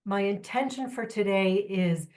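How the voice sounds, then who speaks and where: A woman speaks as a trainer at a symposium. She talks to a live room in a candid, lively way, with frequent joking asides and quick questions to her listeners. Her voice sits at an ordinary middle pitch. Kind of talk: workshop talk to a live audience.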